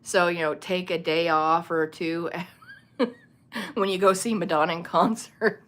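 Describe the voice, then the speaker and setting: Rambling low-voiced woman livestreaming. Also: steady tone, measured pace, a bit bright. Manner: rambling, chatty, laughs often. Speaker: livestream host. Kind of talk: casual livestream chat with viewers. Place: home room lit by a small ring light. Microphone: phone.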